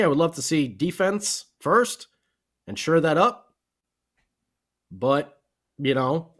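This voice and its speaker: A man co-hosting a casual sports podcast, excitable and rambling, with lots of fillers. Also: fairly high pitch. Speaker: podcast co-host.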